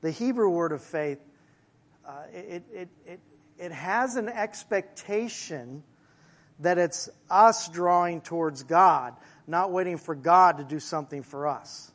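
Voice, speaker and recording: With a high-pitched, fairly bright voice, a male pastor gives a conversational sermon, adding asides for the congregation and slowing to stress key phrases.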